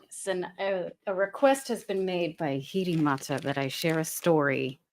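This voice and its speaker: Soft-spoken woman co-host, low voice. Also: normal speed. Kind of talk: casual chat.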